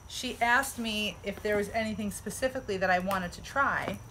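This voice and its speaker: Casting: bubbly American woman vlogger, bright forceful tone, casual outdoor unboxing chat. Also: mid-range voice, normal speed, slight background noise, rough recording. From United States. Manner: chatty, enthusiastic.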